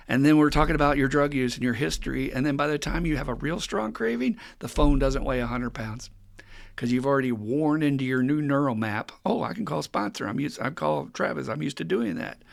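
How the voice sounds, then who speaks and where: A man hosting a recovery podcast, talking casually and teaching with animated stories. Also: medium pitch, vocal fry. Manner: animated storytelling with acted quotes and frequent laughs. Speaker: recovery counselor and podcast host.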